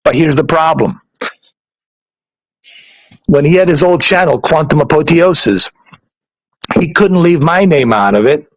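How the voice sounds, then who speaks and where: A man ranting casually to his viewers, animated and profane, often repeating himself. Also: fairly high pitch, unhurried, long pauses, no echo, low-quality recording. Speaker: YouTuber.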